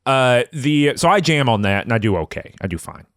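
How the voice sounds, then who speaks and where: A man co-hosting a podcast, telling his game story in a playful, animated way. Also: medium pitch, fairly quick, clean tone, no room sound, studio quality. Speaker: podcast co-host. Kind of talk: casual gaming chat.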